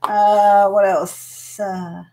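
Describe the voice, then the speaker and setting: Slow-talking Australian woman, casual chat. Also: mid-range voice, flat delivery, dark tone, a little hiss or hum. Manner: laughs often, explains slang to viewers. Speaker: live-streaming hobby crafter. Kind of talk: casual live chat while working.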